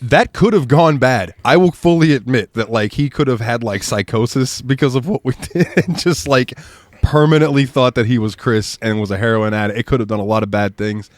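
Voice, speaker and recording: A man's voice: medium pitch, brisk, dry recording. A young man co-hosting a podcast, telling a rowdy story in casual chat, laughing often and mimicking his friends. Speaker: podcast co-host.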